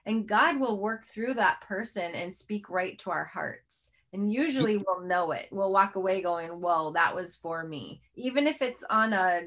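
A middle-aged woman hosts a faith interview in an earnest, rambling way. She restarts her sentences and leans on fillers as she goes. Her pitch sits at an everyday middle height. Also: expressive, moderate pace, few pauses, fairly bright tone. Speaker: host.

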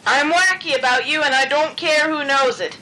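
A woman's voice: high voice, moderate pace, sharp tone, a little hiss or hum, voice pushed up, rough recording. A woman voicing a lovesick, pushy male jackalope suitor in a storybook reading, with a wheedling, scheming manner. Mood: smitten.

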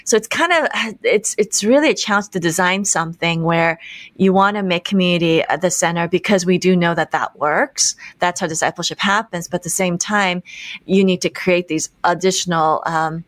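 Woman host, lowish voice, thinks out loud with lots of ums, dry close sound. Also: no room sound. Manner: thoughtful, measured, frequent ums. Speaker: podcast host. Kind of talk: conversational interview.

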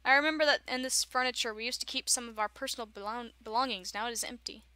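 Woman reads a subdued game protagonist exploring, high bright tone. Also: quick pace, smooth. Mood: wary. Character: former student revisiting an old school.

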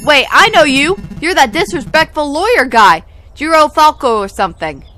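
Woman reading a cheeky fisherman guy, blunt, lively pitch. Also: moderate pace, soft background music.

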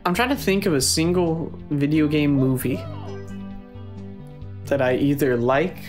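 A co-host talks casually and teasingly as they watch a friend play, often breaking into laughs. The delivery is relaxed chat between gaming partners. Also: medium pitch, unhurried, music in the background.

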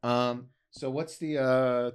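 A man's voice: medium pitch, steady tone, takes it slowly, clear, resonant tone. A man co-hosting a casual studio chat, asking teasing, incredulous questions. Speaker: podcast co-host.

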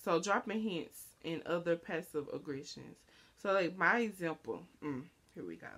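A young woman chatting casually to camera as a vlogger. She rambles with lots of fillers and acts out quoted lines in a higher voice. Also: expressive, moderate pace, a bit bright, husky.

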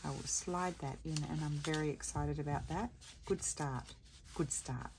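A woman's voice: low voice, unhurried, noisy background. A tired woman rambling and thinking aloud as she hosts a casual crafting tutorial. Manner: chatty, rambling, thinks aloud while working.

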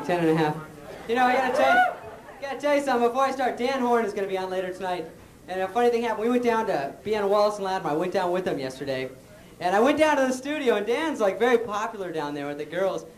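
A young man performing a stand-up set on stage, sarcastic and quick with mocking asides. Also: high voice. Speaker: stand-up comic. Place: stage before a live audience. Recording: roomy stage sound with crowd.

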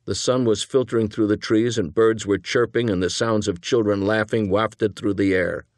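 A man's voice: on the low side, fairly even intonation, moderate pace, no echo. A man narrating a first-person crime novel in a wry, hard-boiled manner, recorded on a close studio mic. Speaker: audiobook narrator.

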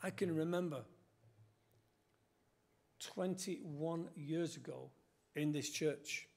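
An older man delivers an earnest sermon in a church, his voice sitting notably high. He quotes scripture and lifts his emphasis as he goes. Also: slow pace, vocal fry, darkish tone. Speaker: preacher.

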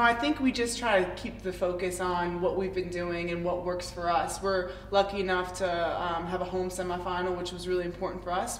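Animated young American woman storyteller. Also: fairly low pitch, roomy sound, recorded from a distance, a little hiss or hum, low-quality recording. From United States. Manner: animated storytelling, laughing often. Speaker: guest footballer. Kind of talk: casual interview chat.

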